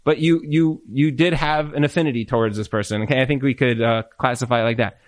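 A man answering marriage questions in a live Q&A, animated, full of restarts, acting out spouses' complaints. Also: mid-range voice, quick pace. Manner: animated, repetitive restarts, acts out quoted spouses. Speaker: relationship speaker. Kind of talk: Q&A talk to a live group.

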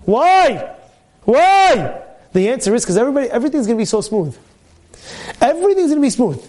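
A man giving a weekly Torah talk as a rabbi, animated, firing rhetorical questions and repeating his phrases. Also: very high-pitched, racing.

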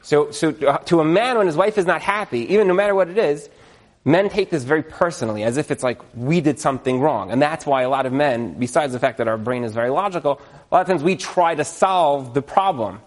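A man teaching about marriage in a casual, animated way, acting out little scenes and chuckling as he goes. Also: fairly high pitch, fairly quick. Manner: animated, acts out quotes, chuckles often. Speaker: marriage educator.

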